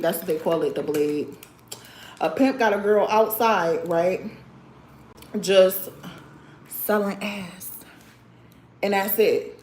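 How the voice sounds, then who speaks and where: A young woman runs a casual livestream, speaking bluntly and with plenty of sass. She keeps calling her viewers sir or girl and laughs often as she talks. Her voice sits at a middling pitch in a roomy, echoing space. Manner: laughs often while talking. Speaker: livestream host. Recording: roomy echo.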